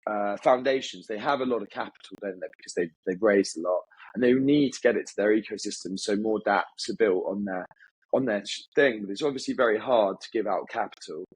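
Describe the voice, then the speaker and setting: The guest here is an agency founder whose fairly low voice has a breathy edge. Upbeat and talkative, he speaks in rapid bursts during a casual interview, restarting sentences again and again. There's no echo, though the recording is rough.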